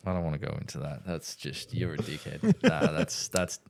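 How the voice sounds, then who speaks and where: A man's voice: rumbling low, steady tone, normal speed, creaky. A young Australian man, a podcast host, telling stories in casual chat. He laughs through his lines and swears freely.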